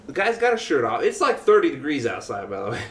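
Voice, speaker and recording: A young adult man co-hosting a podcast, telling a story in an animated, laughing way and swearing freely. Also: fairly high pitch, fast talker. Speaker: podcast co-host. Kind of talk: casual storytelling chat. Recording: echoey room.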